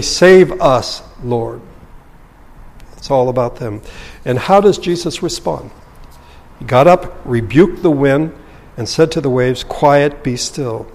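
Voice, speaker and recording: A man's voice: mid-range voice, darkish tone, in a large hall. A man preaching a sermon as a pastor, earnest and explanatory, often asking rhetorical questions.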